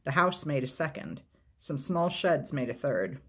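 A man reads a novel aloud as a storyteller, in a steady, measured, unhurried way. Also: medium pitch, breathy edge.

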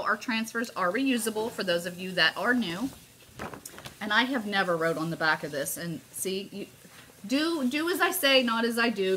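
A woman's voice: mid-range voice, fairly bright tone, slight background noise. A middle-aged woman chatting casually through a live home craft tutorial, often calling viewers "you guys". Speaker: craft demonstrator.

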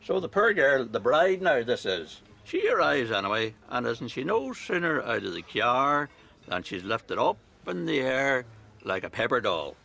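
Rambling gravelly old Northern Irish storyteller. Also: male voice, mid-range voice, very animated, measured pace, sharp tone, heavily acted. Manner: meandering storyteller. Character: rambling old uncle Colm telling a story. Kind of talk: sitcom acting.

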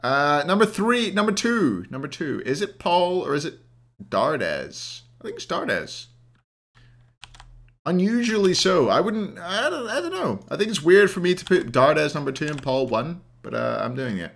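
A man's voice: a little high, big pitch swings, measured pace, creaky, fairly bright tone. A young man in a casual live stream, ranking players and ranting at his chat with plenty of swearing, hungover. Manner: swears a lot, rants at chat.

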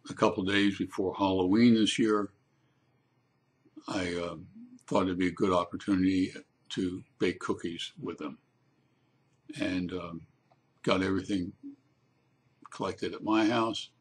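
An older man telling a warm family story in a casual, unhurried way, with frequent pauses and restarts. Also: low voice, husky.

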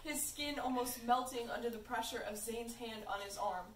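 A young woman reads fan fiction aloud in an amused, informal way, with a fairly high voice. She sits some way from the mic in an echoey room. Faint noise hums underneath. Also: moderate pace, far from the mic. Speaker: reader. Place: room at a birthday party.

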